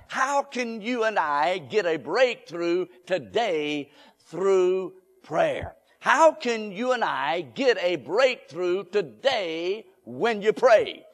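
A male pastor preaching a sermon, building to emphatic shouts and leading the congregation in call and response. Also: high-pitched. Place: church sanctuary. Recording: long hall reverb.

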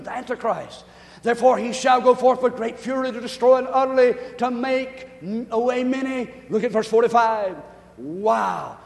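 High-voiced preacher in a reverberant hall. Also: male voice. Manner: fast-talking preacher, rising to shouts, calls for amens. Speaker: pastor. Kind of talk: sermon. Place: church sanctuary.

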